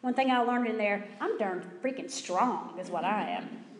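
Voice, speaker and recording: A woman gives a personal testimony in a church, telling her story with lively acted-out quotes. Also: medium pitch, normal speed. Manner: animated storyteller acting out quotes. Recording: roomy hall with long reverb.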